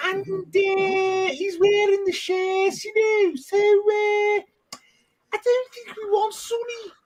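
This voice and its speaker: A man putting on a high-pitched comic voice as a hesitant mock Liverpool spokesman who wavers and shouts. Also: little pitch movement, takes it slowly, rough recording. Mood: mock earnest. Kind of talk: comic impression on a podcast.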